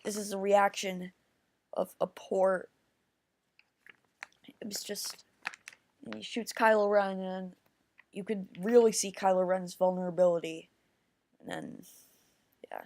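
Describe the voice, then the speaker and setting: Slow, halting woman reviewing a film. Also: mid-range voice. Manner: rambling, halting with many restarts; excitable, addresses viewers as guys. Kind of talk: casual video review.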